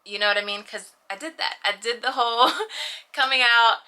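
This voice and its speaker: A woman's voice: fairly high pitch, steady tone, moderate pace, pushed and bright, smooth. A young woman talking casually and animatedly to her camera in a personal vlog, often adding "you know what I mean.". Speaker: vlogger.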